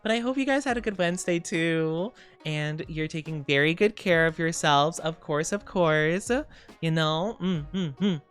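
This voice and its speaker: A young adult woman streamer, tired and low on sleep, chatting casually and greeting her chat. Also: moderate pace, clear, resonant tone, soft background music. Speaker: VTuber streamer.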